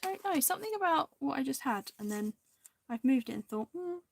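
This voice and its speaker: A woman hosting a crafting video, chatting casually and indecisively to viewers, now and then dropping into soft half-whispered asides. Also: high voice, expressive, fairly quick, vocal fry, no room sound.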